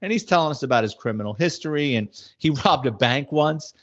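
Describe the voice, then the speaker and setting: A man's voice: mid-range voice, lively intonation, a little fast. Blunt New man spinning cop stories. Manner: blunt, wisecracking, acts out quoted dialogue. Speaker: former police detective and author. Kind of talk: casual anecdotal storytelling. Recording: slightly muffled audio.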